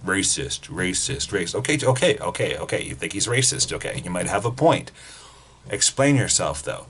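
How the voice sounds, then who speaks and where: A man's voice: on the low side, very animated, fairly quick, a bit bright, breathy edge. A man giving blunt, heavily profane commentary as a vlogger. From Canada. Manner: blunt, swearing freely, ranting.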